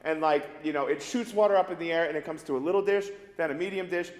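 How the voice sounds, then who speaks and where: A man's voice: fairly high pitch, quick pace. Give me a man coaching singers in an echoey hall. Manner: encouraging, demonstrates by singing phrases. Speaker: voice teacher leading a master class. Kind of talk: master class coaching. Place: large resonant recital hall. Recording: echoey hall with long reverb, faint music.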